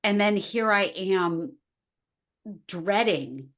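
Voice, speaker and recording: A woman's voice: medium pitch, very slow. A woman in her forties, a life coach talking as a podcast guest in casual conversation, acting out quoted dialogue as she tells stories. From United States. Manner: animated, acts out quoted dialogue.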